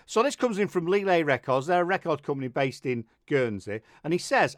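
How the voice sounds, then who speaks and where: A man's voice: a little high, big pitch swings, brisk, dry recording, clean studio sound. A man hosting a casual radio show, joking and rambling, often laughing. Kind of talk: casual chat.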